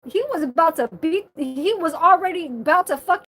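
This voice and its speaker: A woman talking straight to her phone camera in a casual, animated rant, swearing a lot and filling her talk with "like" and "you know". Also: very high voice, moderate pace. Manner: animated, heavy profanity, lots of filler. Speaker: vlogger.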